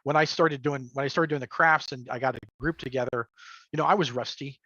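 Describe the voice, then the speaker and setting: A man's voice: medium pitch, steady tone, brisk, sharp tone, dry recording. A man talking as a guest game master in a casual livestream chat. He rambles with lots of fillers and chuckles, heard over a remote call mic. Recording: dull lo-fi call audio.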